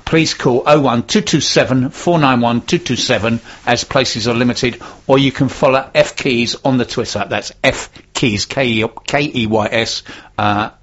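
A man co-hosts a casual radio show and reads listener tweets aloud with a dry, joking air. His voice is a little husky. The recording sounds dull and lo-fi. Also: medium pitch, normal speed, few pauses, a bit bright. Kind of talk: casual local radio chat.

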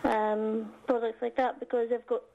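A woman's voice: fairly high pitch, flat delivery, moderate pace, gravelly, dark tone. Scottish woman on a dull phone line. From Scotland. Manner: hesitant, many ums. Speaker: caller, small business owner.

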